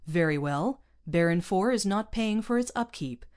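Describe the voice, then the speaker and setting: A woman's voice: fairly low pitch, animated, moderate pace, a little mellow, voice pushed up, close to an everyday voice. Woman reading as a pompous space captain. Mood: lecturing. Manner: cold, condescending, clipped. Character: stern arrogant male space captain, pompous.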